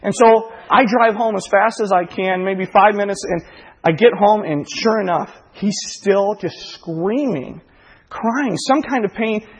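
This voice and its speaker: Raspy high-voiced pastor in a reverberant hall. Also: male voice, measured pace. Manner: earnest storytelling that swells with emotion. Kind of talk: sermon. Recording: dull recording in a reverberant hall.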